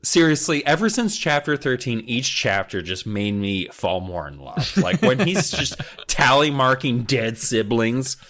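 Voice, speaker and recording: A man casually recapping a book on a podcast, animated and swearing freely. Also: mid-range voice, unhurried, few pauses. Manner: animated, swears a lot, acts out characters. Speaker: podcast co-host.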